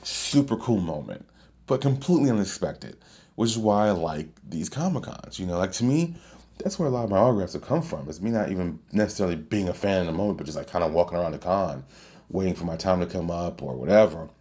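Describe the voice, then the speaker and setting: A man hosting a podcast, telling a long casual story in a rambling, excitable way with many fillers and restarts. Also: deep voice, quick pace, muffled recording. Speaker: podcast host.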